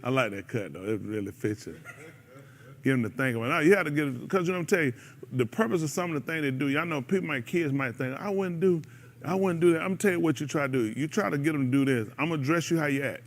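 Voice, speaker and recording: Hosting a radio show, a man preaches casually and exhortingly to a group in a medium-pitched voice at a fast pace. He stays animated throughout, slipping into laughter and imitations.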